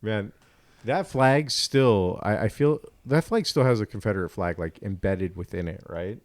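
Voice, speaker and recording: A man co-hosting a comedy podcast, chiming in with quick agreement. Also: lowish voice, dry recording. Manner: frequent agreeing backchannels. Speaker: podcast co-host. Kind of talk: casual podcast banter.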